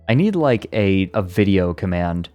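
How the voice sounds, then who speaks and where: Young male streamer, fairly low voice, reads aloud then chats and swears, soft music under it. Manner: swears and laughs at the text, chatty. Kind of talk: reading a book aloud, then casual chat.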